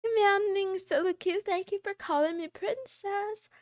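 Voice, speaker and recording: A woman streamer chats casually with her viewers in a very high voice. She talks slowly and playfully, teasing and grumbling about herself. The sound is dry and close, with no room around it. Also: a little mellow, no room sound. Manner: playful, greets chat by name, meows and giggles; complaining, self-deprecating. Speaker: VTuber streamer. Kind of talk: casual live-stream chat.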